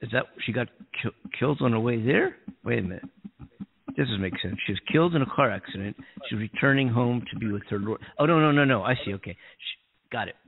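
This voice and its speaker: Gravelly man on a tinny line. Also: medium pitch, expressive, quick pace. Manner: chuckles often, thinks aloud while reading. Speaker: talk radio co-host. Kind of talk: casual radio chat, reading news aloud. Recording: tinny phone-line sound.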